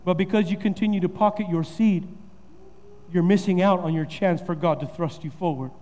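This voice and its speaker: A man pastor delivers a sermon in a high, ringing voice. He drives points home by repeating phrases and building emphasis. The sound carries the long reverb of a church hall. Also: normal speed, a little mellow, a little hiss or hum. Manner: preaching with rising emphasis and repetition.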